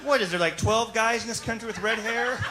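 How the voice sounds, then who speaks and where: A man with a very high voice delivers a wry stand-up bit, as if letting the crowd in on a conspiracy. Clear background noise sits under the live recording. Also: a little fast. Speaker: stand-up comedian. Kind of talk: stand-up set.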